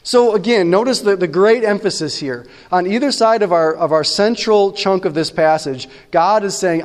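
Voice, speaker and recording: A man's voice: sits high, normal speed, hardly any pauses, big-room sound. A man preaching a sermon as pastor, talking conversationally and often asking his listeners "right?".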